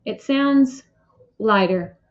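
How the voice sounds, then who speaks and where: A woman's voice: fairly high pitch, lively intonation, very slow. A woman voicing an anxious, self-conscious young boy who sounds whiny and close to tears. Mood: relieved. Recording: dull lo-fi recording.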